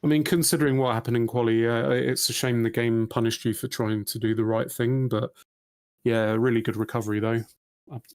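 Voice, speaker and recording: A man co-hosting a sim racing interview, quick with teasing banter and praise. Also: mid-range voice, steady tone, a little mellow, clean tone, no echo, clean studio sound. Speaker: co-host. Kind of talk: casual post-race interview.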